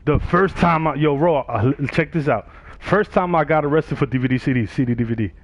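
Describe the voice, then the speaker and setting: A man's voice: on the high side, fairly quick, a little hiss or hum. A man, telling a story casually on his livestream and acting out the other people's voices. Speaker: livestream gamer. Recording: dull, dry sound.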